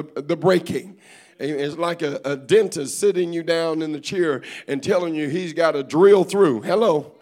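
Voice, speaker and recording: A man preaching a sermon as bishop to a congregation, with call-and-response, "amen" after nearly every line, folksy humor and storytelling, and rising fervor. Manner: builds to loud, higher-pitched fervor. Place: church service before a congregation.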